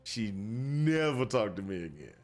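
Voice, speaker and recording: A man's voice: lowish voice, very animated, a little slow, a little mellow, faint music behind. A man casually telling a long personal story while playing a video game, rambling and repeating himself with lots of "you know". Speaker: gaming streamer.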